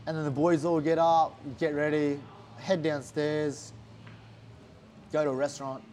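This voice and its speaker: A man's voice: a little high, little pitch movement, measured pace, darkish tone, slight background noise. A young Australian man, a fighter, telling a story in a casual interview, swearing a lot and acting out what others said. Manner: swears a lot, acts out quotes animatedly.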